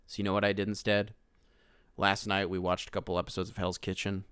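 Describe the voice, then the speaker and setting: A man's voice: on the low side, normal speed, clean tone, dry recording, clean studio sound. Profane ranting male podcast host. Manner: profane, animated ranting with loud outbursts. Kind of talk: casual solo rant.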